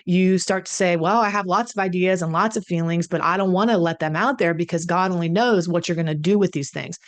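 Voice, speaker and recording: A woman addiction consultant talking conversationally to her audience, often clearing her throat, her voice a little croaky. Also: fairly low pitch, brisk. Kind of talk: solo talk to camera.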